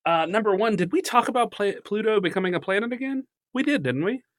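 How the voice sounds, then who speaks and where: A man co-hosting a casual podcast, chatting and reading news articles aloud in an animated way. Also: sits high, fast, no room sound. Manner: animated, reads at length, laughs easily. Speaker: podcast co-host.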